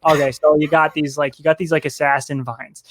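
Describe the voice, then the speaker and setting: A man's voice: fairly high pitch, normal speed, a bit bright, slight background noise, lightly acted. A man voicing a chatty, laid-back forest of talking trees in a tabletop game, rambling and slangy.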